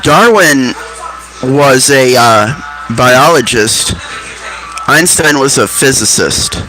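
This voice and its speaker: A man's voice: medium pitch, animated, takes it slowly, low-quality recording. A man casually telling rambling stories and musing aloud, offhand and profane. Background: music.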